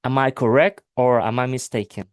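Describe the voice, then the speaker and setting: A man of middle pitch, teaching English in an unhurried, hesitant way full of fillers. He speaks slowly and deliberately, working through examples. The recording is dry and close. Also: steady tone, no room sound. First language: Spanish. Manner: hesitant, many fillers, slow deliberate phrasing. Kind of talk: casual language lesson.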